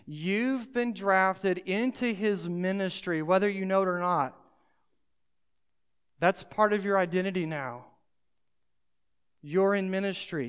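Heard through long hall reverb, a pastor with a clean, mid-range voice preaches emphatically. He addresses the congregation directly throughout the sermon.

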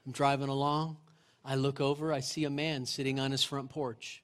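A middle-aged male pastor giving a sermon in a church, retelling scripture as lively storytelling and asking the congregation questions. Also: medium pitch, normal speed. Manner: conversational, asks the congregation questions. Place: church sanctuary.

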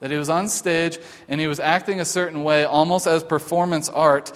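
A man preaching a conversational sermon as pastor, talking informally with many fillers and halting restarts. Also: fairly high pitch, fairly even intonation. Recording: long hall reverb.

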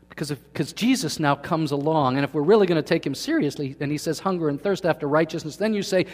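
A man preaching a sermon to his congregation, asking them questions and swinging from quiet to emphatic. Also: a little high, normal speed, in a large hall. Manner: asks the congregation questions, swings between soft and loud. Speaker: pastor. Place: church hall.

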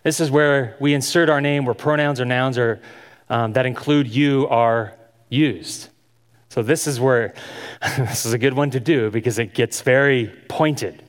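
A man's voice: mid-range voice, fairly even intonation, measured pace. A man giving an instructional sermon, earnest and asking his listeners many questions as he teaches. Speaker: Bible teacher. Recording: long hall reverb.

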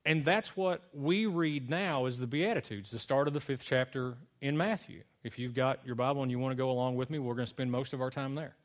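A man's voice: medium pitch, brisk, few pauses. Conversational man preaching a sermon. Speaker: pastor.

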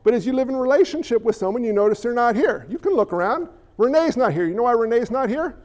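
A man's voice: very high voice, expressive, fast, darkish tone, muffled recording. A male pastor preaching a sermon with impassioned, emphatic delivery that often rises and gets worked up.

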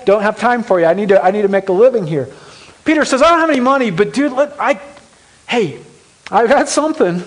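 Man preacher, high voice, animated storyteller, slips into character voices and hushes for serious moments. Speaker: pastor. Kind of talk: sermon storytelling.

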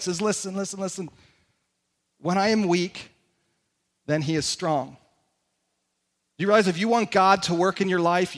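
Animated high-voiced male pastor preaching. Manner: animated, conversational preaching with audience questions. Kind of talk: sermon. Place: church sanctuary.

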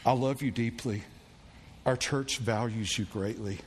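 Pastor, male, animated sermon storyteller who acts out the voices of the people in his story, in a church with a long reverb tail. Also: a little slow. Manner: animated storyteller, acting out quoted voices with big pitch jumps. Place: church sanctuary. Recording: long church reverb with faint room noise.

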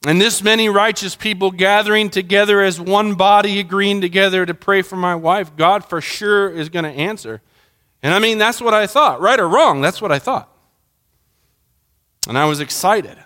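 A man's voice: medium pitch, fairly bright tone, clean tone. A middle-aged man, a pastor, giving a sermon in a personal, emotional storytelling way that rises into impassioned pleading.

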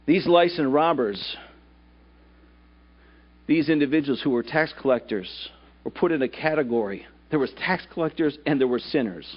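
A man's voice: fairly high pitch, expressive, moderate pace, lo-fi sound. A male pastor preaching a sermon at a church service, putting rhetorical questions to the congregation.

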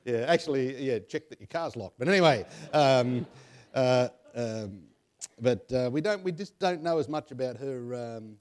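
A man's voice: mid-range voice, animated, moderate pace, a little mellow. An Australian man chatting casually about family history, rambling with many fillers and chuckling at his own jokes. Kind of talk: casual chat.

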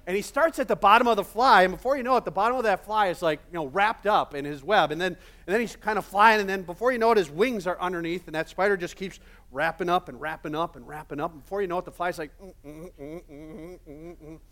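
A male pastor preaching a sermon in a casual, animated storytelling manner with many fillers. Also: sits high, fast.

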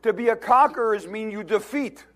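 Preaching with a high-sitting voice and a slightly quick delivery, this pastor urges his congregation on and leads them in repeating phrases. Now and then he rises to loud, forceful emphasis.

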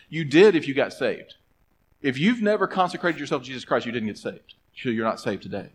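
A man's voice: mid-range voice, animated, slightly rough, rough recording. Emphatic man preaching a sermon. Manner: emphatic, slows down to stress scripture, drops to soft pleas. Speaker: pastor.

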